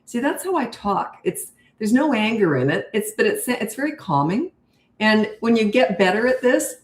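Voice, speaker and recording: An older woman who coaches parents answers viewer questions live, speaking low, slow, calm and unhurried. The sound is roomy.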